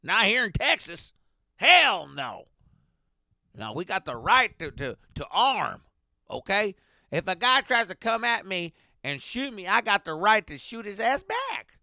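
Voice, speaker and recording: A man voicing a brash, gun-loving Texan driver who boasts loudly and swears. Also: high-pitched, huge pitch swings, unhurried, vocal fry, no room sound, clean studio sound, voice pushed up, heavily acted. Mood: boastful. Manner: loud, boastful, profane.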